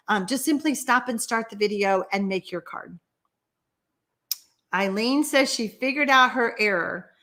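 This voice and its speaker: Woman, live-stream host, unhurried and higher-pitched, playful and chatty. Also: fairly bright tone. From Texas. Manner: chatty, teasing, reads out viewer comments. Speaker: livestream host of a card-making session. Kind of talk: casual live-stream chat.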